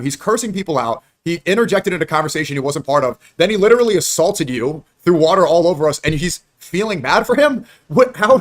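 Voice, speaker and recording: A man hosting a live stream, telling a story in a quick, animated, conversational way. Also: on the high side. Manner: fast, animated anecdote telling. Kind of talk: casual chat.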